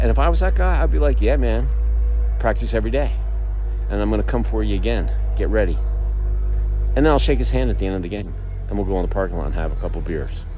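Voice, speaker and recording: Rambling upbeat middle-aged man, mellow voice. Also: on the low side, a little hiss or hum. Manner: rambling, upbeat, many fillers and restarts. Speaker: marketing vlogger. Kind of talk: casual motivational monologue.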